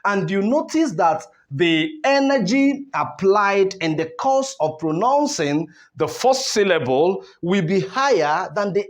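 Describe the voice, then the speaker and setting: Animated man teaching stress. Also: high voice. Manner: rhetorical questions, repeats words with stress contrasts. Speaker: English teacher. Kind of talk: classroom lesson on word stress.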